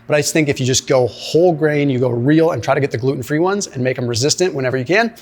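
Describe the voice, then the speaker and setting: A man giving energetic nutrition commentary, explaining at length and often checking in with "right?" and "okay?". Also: medium pitch, fast. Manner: emphatic, explanatory, peppers speech with "right?" and "like". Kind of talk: commentary reacting to a clip.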